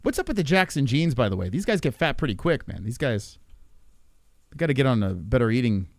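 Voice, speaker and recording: A man hosting a livestream, loud and profane, reacting to a clip and talking to his chat. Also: medium pitch, very animated, a little fast, gravelly, no room sound, studio quality. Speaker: livestream host. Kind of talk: casual livestream commentary.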